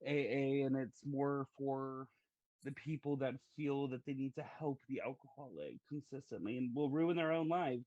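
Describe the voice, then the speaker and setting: A man's voice: medium pitch, a little mellow, no echo. Guy hosting a podcast, chatty storyteller, kinda muffled lo-fi mic, dry room. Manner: chatty, storytelling, uses fillers. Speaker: podcast host. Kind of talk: casual conversation.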